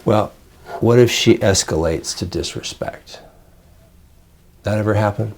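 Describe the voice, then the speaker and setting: An older man, a child psychiatrist, calmly explaining parenting techniques to a parent in plain, conversational teaching. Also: fairly low pitch, a little slow. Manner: calm, explanatory, plain-spoken. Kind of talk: conversational teaching with role-play examples.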